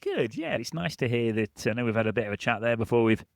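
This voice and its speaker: A man's voice: medium pitch, sing-song, fast talker, gravelly, dry recording, studio quality. A man hosting an interview podcast, chatty and friendly, often calling his guest "my friend". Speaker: podcast host, recruiter.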